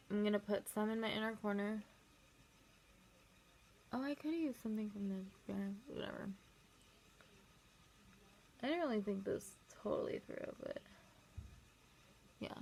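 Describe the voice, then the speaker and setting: A woman's voice: mid-range voice, sing-song, creaky, a little mellow, slight background noise. A young woman vlogger chatting casually and rambling through a story while doing her makeup. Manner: rambling, filler-heavy, quick asides.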